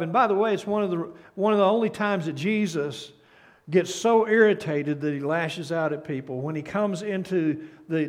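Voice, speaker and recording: An older man preaching a sermon as pastor, earnest, often restarting and repeating words, dropping to a soft, hushed tone at key points. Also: high-pitched. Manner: reads a story aloud and drops to a soft, hushed tone at key points.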